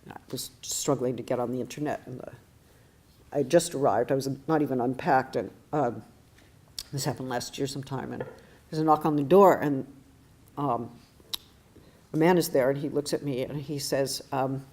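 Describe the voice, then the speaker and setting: A woman's voice: a bass voice, normal speed, pauses often, darkish tone. A woman giving an academic lecture, telling a personal story in a thoughtful, wry, self-deprecating way, with frequent restarts.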